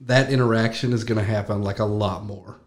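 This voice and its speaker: A man's voice: on the low side, fairly even intonation, brisk. A young adult man hosting a podcast, chatting casually and joking with a friend, often laughing. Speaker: podcast host. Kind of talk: casual chat.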